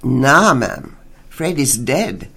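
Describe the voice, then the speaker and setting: رجل يؤدي صوت شرطي أجش عميق، يتكلم بإنجليزية مكسّرة ببطء وجفاف. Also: male voice, big pitch swings, creaky, bright, forceful tone, slightly rough, heavily acted. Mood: curt. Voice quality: deep rumbling voice, broken English. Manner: slow, clipped, dismissive. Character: gruff local male police officer, curt. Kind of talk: storytelling reading.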